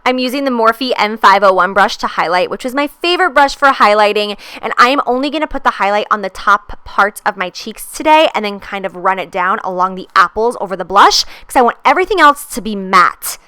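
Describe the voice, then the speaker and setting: Bright, gushing young woman. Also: medium pitch, expressive, a little fast, hardly any pauses, clear, resonant tone, no echo. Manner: gushing, chatty, enthusiastic. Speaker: beauty vlogger. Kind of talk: makeup tutorial voice-over.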